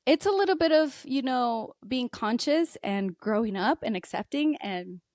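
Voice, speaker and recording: A woman's voice: expressive, moderate pace, a little mellow, dry recording, studio quality. A woman in her thirties guesting on a podcast, talking openly and emotionally, often laughing and quoting her own thoughts. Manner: emotional and open, laughs often, quotes herself in a higher voice. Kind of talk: candid interview talk.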